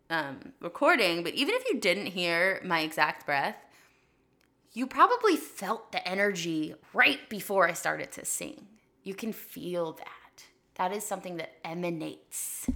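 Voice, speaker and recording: A woman hosting a podcast, teaching a casual spoken singing lesson in a chatty, animated way with lots of "like" fillers. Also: on the low side. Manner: chatty and animated, drifts into short sung demonstrations; frequent "like" fillers.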